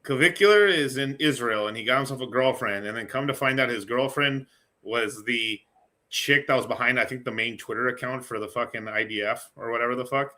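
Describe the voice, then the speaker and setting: A man co-hosting a livestream, joking in animated slang and swearing freely. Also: medium pitch, fairly quick. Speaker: co-host. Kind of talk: casual livestream banter.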